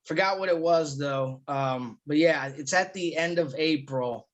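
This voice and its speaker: A man's voice: on the high side, a little slow. A man, a guest comedian, chatting casually on a podcast and telling loose, profane stories full of fillers.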